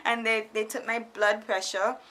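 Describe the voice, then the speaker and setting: A young woman recounts a story for her vlog in a casual, animated way. Her voice is bright and a little high, and she often laughs and slips into playful voices when she quotes people. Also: measured pace. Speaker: vlogger. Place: foreigner living in Japan.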